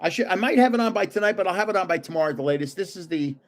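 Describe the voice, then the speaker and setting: An older man with a slightly higher voice hosts a relaxed livestream from his home. He rambles through personal stories and chuckles often between lines. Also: very fast. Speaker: livestream host. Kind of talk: casual storytelling livestream.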